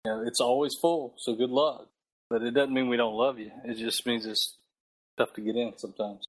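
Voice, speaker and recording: A man's voice: mid-range voice, fairly even intonation, normal speed, breathy edge, poor audio. A man co-hosting a podcast, rambling and repeating words as he explains things. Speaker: podcast co-host. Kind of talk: casual chat.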